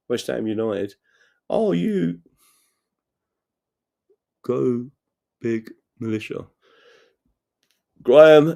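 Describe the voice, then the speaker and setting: A man with a medium-pitched, gravelly, smooth voice of darkish tone hosts a live political stream. He rambles earnestly, keeps asking "right?", and reads out viewer messages before answering them.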